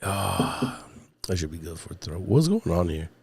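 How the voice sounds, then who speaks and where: A low-pitched man talks loosely and profanely to his live viewers, his voice still rough from being sick. He has a sound and a dry, close studio mic. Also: sing-song, moderate pace, darkish tone, no room sound. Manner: rambling, profane, chatting to viewers. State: recovering voice after illness. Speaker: podcast host. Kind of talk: casual solo livestream chat. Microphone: studio mic with podcast mixer.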